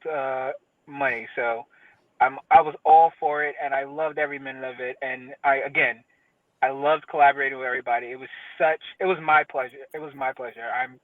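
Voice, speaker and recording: A man's voice: on the high side, no echo. A man in a casual podcast chat, talking enthusiastically and rambling with restarts. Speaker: podcaster, challenge co-organizer. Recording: tinny phone-like line.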